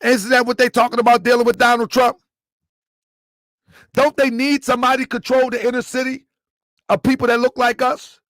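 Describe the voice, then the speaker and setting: Emphatic high-voiced man hosting commentary. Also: flat delivery, a little fast, long pauses, a bit bright, no echo. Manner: emphatic, repeats points, quizzes listeners. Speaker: commentary channel host. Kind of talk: live commentary to viewers.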